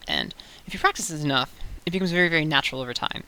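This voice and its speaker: A young woman giving a casual voice-training tutorial, chatty and loose, with fillers and quick self-corrections. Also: sits low, sing-song, sharp tone, clean tone. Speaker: voice coach. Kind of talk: casual tutorial talk to camera. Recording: faint hiss.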